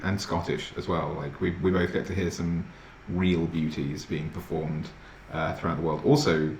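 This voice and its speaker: A man's voice: sits low, roomy sound, a little hiss or hum, low-quality recording. A man in his late twenties, hosting a livestream in casual, rambling chat full of fillers and restarts. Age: 20s. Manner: rambling, self-deprecating, lots of fillers and restarts. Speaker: stream host.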